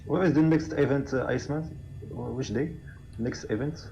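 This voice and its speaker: A man speaking careful, halting English as a non-native speaker in a casual group chat. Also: mid-range voice, creaky, warm tone, muffled recording, a little hiss or hum. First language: not English. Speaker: flight sim group member.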